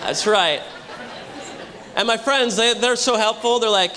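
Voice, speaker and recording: A young man doing a brash stand-up comedy set with loud crowd work at a hotel show. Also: very high-pitched, moderate pace. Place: hotel comedy show before a live audience. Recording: live room with audience.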